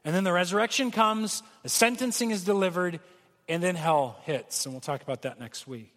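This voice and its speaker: Male pastor, earnest sermon delivery, high voice, recorded in a reverberant church hall. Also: a little fast, a bit bright. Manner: earnest preaching, acts out pleading quotes.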